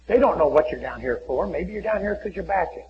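A man preaching a folksy sermon in a church, often acting out little conversations and dropping to a hushed voice. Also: high-pitched, animated, fairly quick, lo-fi sound, slight background noise. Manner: folksy, acts out little dialogues, many drops to a hushed voice. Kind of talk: sermon with altar call.

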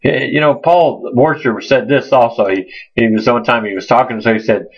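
A man preaching an informal sermon, earnest and halting, often repeating his words. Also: medium pitch, steady tone, slightly rough. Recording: muffled lo-fi recording.

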